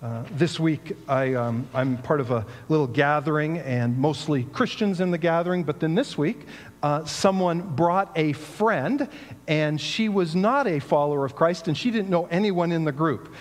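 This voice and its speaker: Man, pastor, high voice, conversational sermon, rhetorical questions, long hall reverb. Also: moderate pace.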